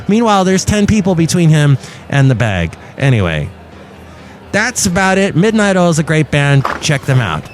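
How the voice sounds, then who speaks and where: Podcast host, male, animated pitch, rambling comic monologue over faint music. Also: moderate pace. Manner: rambling storyteller with a lively, bouncing delivery and many restarts. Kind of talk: casual comedic monologue.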